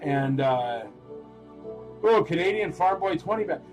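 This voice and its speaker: A man hosting a live-stream toy auction, chatting in a rambling, animated way and calling out bids. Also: a little high, measured pace, faint music behind, low-quality recording.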